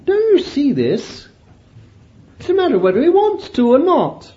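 A man preaching a sermon, animated and laughing often as he calls his listeners beloved. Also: very high-pitched, normal speed, highs cut off, slight background noise.

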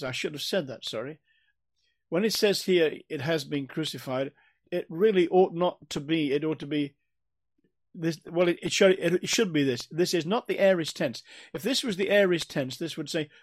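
A man's voice: a little high, dry recording. A man giving an expository Bible teaching, earnest and emphatic, often repeating and restarting phrases as he explains. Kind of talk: expository sermon.

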